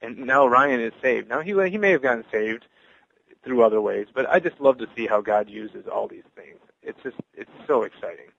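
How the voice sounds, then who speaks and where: A man giving an earnest, halting personal testimony as a Christian evangelist, full of restarts. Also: medium pitch, expressive, gravelly, fairly bright tone, dull audio, a little hiss or hum.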